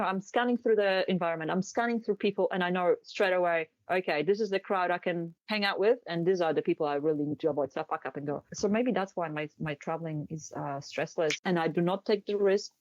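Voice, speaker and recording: A woman's voice: medium pitch, a little mellow, dry recording. A woman in her forties from Poland with a Polish accent, whose first language is Polish, talking candidly and easily as a guest in an interview, with small slips in her English. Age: 40s. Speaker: podcast guest, motorcycle traveler. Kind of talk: casual interview talk. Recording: muffled dry recording.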